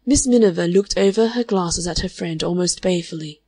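A woman narrating a classic novel in a measured, even storytelling manner. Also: on the low side, dry recording. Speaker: audiobook narrator.

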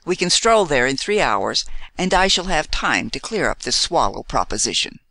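Confident playful American man, read by an audiobook narrator; animated, close and dry. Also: mid-range voice, normal speed, no echo. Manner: playful, self-assured. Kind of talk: audiobook dialogue reading.

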